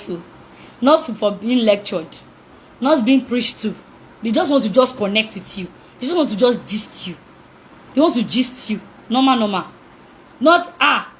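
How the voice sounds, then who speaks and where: A young woman gives a parenting talk in a slightly high voice. She is animated, laughs often and acts out little exchanges with children. A faint hiss of noise sits behind her. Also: low-quality recording. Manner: animated, acts out reactions, laughs often, asks call-and-response questions. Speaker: parenting coach.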